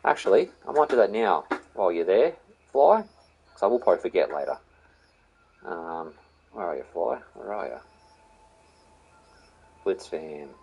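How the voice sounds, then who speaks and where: A man's voice: low voice, vocal fry, a little mellow, slightly rough, rough recording. Friendly Australian man streaming games. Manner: chatty, greets viewers by name, says mate and buddy. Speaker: game streamer. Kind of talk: casual live-stream chat.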